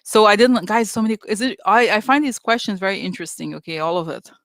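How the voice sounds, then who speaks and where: A psychic reader talking through questions in a loose, rambling way, full of fillers and acted-out quotes. The voice sits at a middle pitch. The sound is dry and close, with no room echo. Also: fast, fairly bright tone. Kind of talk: casual commentary.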